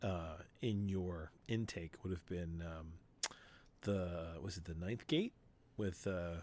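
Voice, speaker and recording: Low-voiced man groping for a reference. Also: darkish tone. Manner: halting, searching for words, drawn out. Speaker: podcast co-host. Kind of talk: casual chat.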